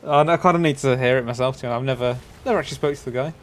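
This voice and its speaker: A man's voice: mid-range voice, very fast, slight background noise. Man bantering dryly on a game stream. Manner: teasing, dry banter. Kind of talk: casual gameplay chat.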